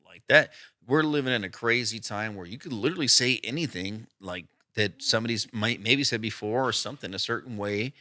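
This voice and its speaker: A man's voice: lowish voice, brisk, pushed and bright. A man co-hosting a podcast, telling stories in a loose casual chat full of fillers and trailing asides. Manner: rambling, filler-heavy storytelling. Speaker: podcast co-host.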